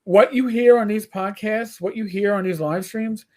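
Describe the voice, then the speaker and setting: A man's voice: high voice, normal speed. A man with a New York accent, co-hosting a casual livestreamed podcast. He talks in a profane, rambling way, telling stories as he goes. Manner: profane, rambling, animated storyteller. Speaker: podcast co-host.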